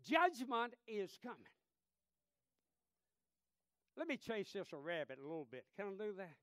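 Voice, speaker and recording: High-voiced, slow-preaching man. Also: sing-song, smooth, no echo, studio quality. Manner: impassioned, swinging from hushed to loud; reads scripture aloud in King James wording. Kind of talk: sermon.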